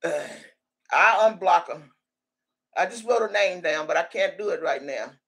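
A woman's voice: on the low side, measured pace, fairly bright tone, slightly rough. A woman hosting a live stream in a casual, chatty way, laughing often and calling out viewers' names and comments. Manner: laughs a lot, chatty and teasing; calls out viewer names one after another. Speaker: livestream host.

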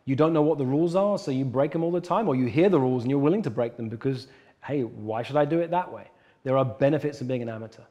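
A man talks as a coach in an interview, earnest and emphatic, driving his points home. His voice is mellow and warm. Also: mid-range voice. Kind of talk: conversational interview.

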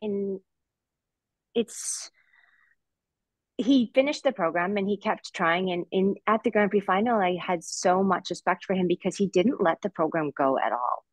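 A woman's voice: mid-range voice, measured pace, no room sound, poor audio. A woman in her thirties, a former figure skater, talking things through reflectively as a podcast guest, with many restarts and fillers. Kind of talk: podcast discussion.

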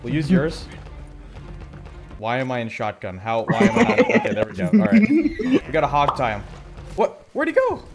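A man chatting with friends while gaming, loud and excitable, swearing, laughing and shouting orders, over background music. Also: on the high side, moderate pace, creaky, long pauses. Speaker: gaming video creator. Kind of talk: casual gaming chat.

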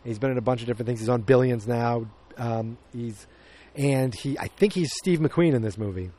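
A man's voice: medium pitch, moderate pace, warm tone. Rambling man reviewing a movie. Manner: rambling, self-correcting, opinionated. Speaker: podcast host. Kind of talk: casual movie review chat.

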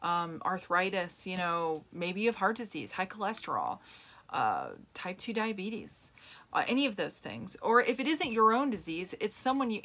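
A middle-aged woman hosts her own health show, chatting straight to her audience in an earnest, rambling way. She circles back, restarts her sentences and leans on fillers as she talks, at an ordinary pitch for a woman. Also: a bit bright. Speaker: host of a plant-based health channel. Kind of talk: casual talk to camera and podcast listeners.

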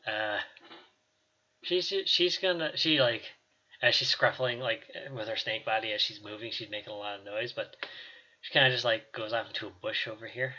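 A man runs a tabletop game as game master, narrating in a loose, rambling way with plenty of fillers. His voice is bright and sharp at a medium pitch. The recording sounds slightly dull and lo-fi. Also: normal speed. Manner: casual, rambling with fillers and laughs.

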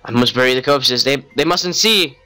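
A man voicing a panicked, guilt-ridden young male killer in low, tense mutters. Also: normal speed, bright, forceful tone, clean tone, natural voice.

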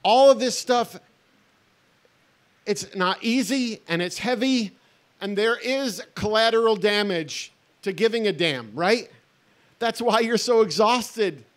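A middle-aged male pastor speaks at a festival in a fairly high voice. He tells stories in an earnest, conversational way and drops in wry asides. His delivery moves between warm sincerity and quick humor. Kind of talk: festival talk, sermon-like.

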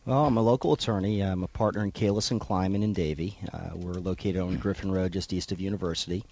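A middle-aged man from South Florida, an attorney guest on a radio interview, explaining things in a measured way with frequent uhs. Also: low voice, steady tone, darkish tone. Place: radio studio.

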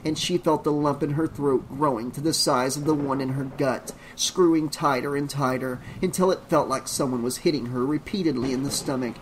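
A man reading a horror novel aloud as an audiobook narrator, in a measured, suspenseful delivery. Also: mid-range voice, steady tone, a little hiss or hum, poor audio.

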